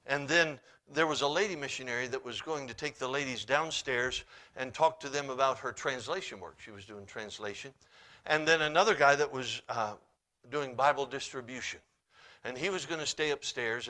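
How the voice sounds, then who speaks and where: A male pastor, preaching and telling a story, who swings between loud emphasis and hushed asides. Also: on the high side. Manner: laughs while telling the story. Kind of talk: sermon with storytelling.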